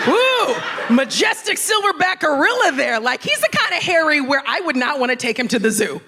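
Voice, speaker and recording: A woman doing a stand-up set in a comedy club, telling a story in a brash, profane, animated way. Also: high-pitched, fast, hardly any pauses.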